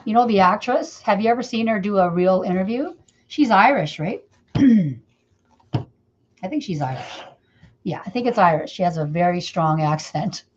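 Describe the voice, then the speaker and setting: A woman's voice: mid-range voice, animated, moderate pace, long pauses. Chatty woman demonstrating wreath making. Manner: chatty, talks to viewers by name while working. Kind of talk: casual live-stream crafting demo. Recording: slightly dull lo-fi sound.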